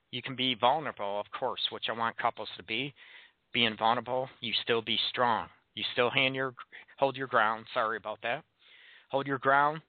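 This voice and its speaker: A man's voice: mid-range voice, no room sound. A man hosting a call-in relationship advice show, talking frankly and asking his listeners blunt rhetorical questions. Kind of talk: call-in radio talk show monologue. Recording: tinny phone-like sound, dry.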